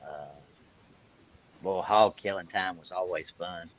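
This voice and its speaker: A man with a very low voice reacts with earthy exclamations and rambles through farm memories. Faint noise hums behind him in this casual chat. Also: takes it slowly, low-quality recording.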